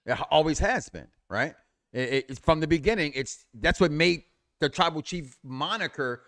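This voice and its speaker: A man co-hosting a wrestling talk show, chatting casually in a lively, joking way with stammered restarts. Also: fairly high pitch, moderate pace, no room sound, studio quality. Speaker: wrestling podcast co-host. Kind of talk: casual barbershop-style chat.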